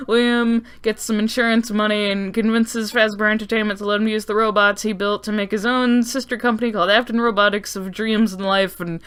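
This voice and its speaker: A woman's voice: medium pitch, fairly even intonation, brisk, hardly any pauses, fairly bright tone, clean tone. A woman hosting a casual lore breakdown, talking sarcastically with lots of swearing and joking asides. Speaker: video essay host.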